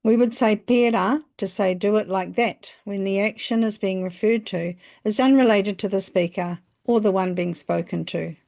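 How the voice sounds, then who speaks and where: A woman narrating a scripted language lesson, phrasing each example slowly and carefully. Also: mid-range voice, vocal fry, darkish tone. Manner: slow, careful phrasing with pauses between examples. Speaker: language teacher.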